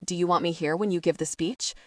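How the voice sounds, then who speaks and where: A woman's voice: fairly low pitch, fairly even intonation, fast talker, dry recording, studio quality, far from the mic, close to an everyday voice. A woman reading the lines of a teasing brother in an audiobook, in an offhand manner. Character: teasing adult brother, relaxed and casual. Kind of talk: audiobook dialogue.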